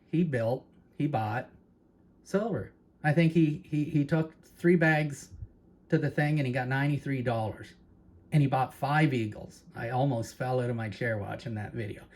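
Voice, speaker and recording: A man with a Canadian accent, hosting his own channel, talks casually and rambles, repeating words and turning to his viewers with asides. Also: mid-range voice. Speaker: channel host. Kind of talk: casual talk to camera.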